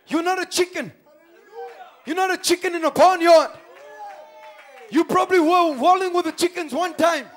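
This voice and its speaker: High-voiced man preaching with fervor. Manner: impassioned, swings between hushed and shouted; calls to the congregation with repeated questions. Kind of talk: sermon. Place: church.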